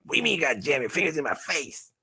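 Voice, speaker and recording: A man's voice: fairly high pitch, very animated, rapid-fire, creaky, pushed and bright, a little hiss or hum, voice pushed up, full character voice. A man voicing a cocky little male crocodile puppet with swaggering, slangy tough-guy talk. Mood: indignant. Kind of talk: puppet voice in a craft vlog.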